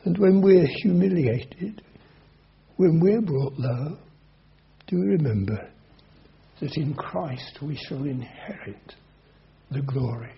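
Male preacher, raspy and high-pitched, reading and expounding scripture, muffled lo-fi sound. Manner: reads scripture aloud then explains it, swinging between soft and emphatic. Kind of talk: expository sermon on scripture.

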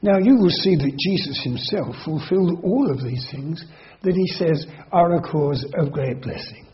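A preacher with a high voice explains scripture in an earnest, measured way. He slows on key words and repeats them for emphasis. The recording sounds dull and lo-fi. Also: expressive. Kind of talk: sermon.

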